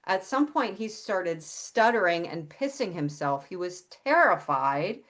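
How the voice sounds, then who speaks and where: This interview guest, a middle-aged psychic and healer, has a fairly low, slightly bright voice and an animated but unhurried delivery. She swears freely while candidly and casually sharing a personal story.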